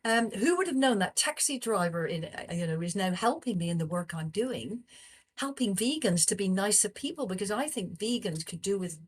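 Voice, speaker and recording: A woman's voice: medium pitch, moderate pace, slightly rough. A woman, a psychologist, telling a personal story in conversation and acting out the people in it. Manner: animated storyteller, acts out quoted dialogue. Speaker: psychologist guest.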